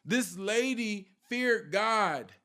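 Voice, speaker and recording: A man's voice: sits high, lively intonation, drawn-out words, pushed and bright. A man preaching an informal sermon with fervour, firing rhetorical questions at his listeners and repeating a question for emphasis.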